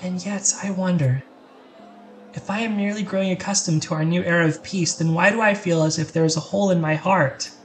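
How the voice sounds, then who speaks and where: An actress voicing a formal, gentle and polite young woman in a video game, speaking in courteous phrasing. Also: on the low side, fairly even intonation, fairly quick, faint music behind, lightly acted. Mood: wistful.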